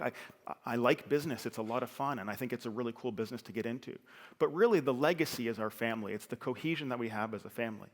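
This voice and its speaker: A middle-aged man giving a conversational, earnest personal story as a speaker on stage. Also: mid-range voice. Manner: earnest, conversational, with fillers and restarts. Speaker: speaker at a talk. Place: large hall on a stage. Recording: reverberant hall.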